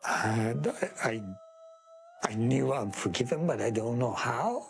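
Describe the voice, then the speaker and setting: A man from Iran, giving an earnest, deliberate personal testimony in an interview. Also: medium pitch, animated, vocal fry, slight background noise.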